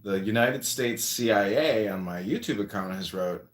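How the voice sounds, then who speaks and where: A man hosting a casual livestream chat, joking and offhand, often clearing his throat. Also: fairly low pitch, moderate pace, few pauses, roomy sound. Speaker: host.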